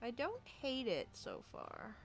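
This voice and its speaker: A woman's voice: fairly high pitch, wildly swooping pitch, slow, faint music behind. A woman artist thinking aloud while she designs a character, musing and hesitant, with many fillers and restarts. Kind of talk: casual thinking-aloud commentary while drawing.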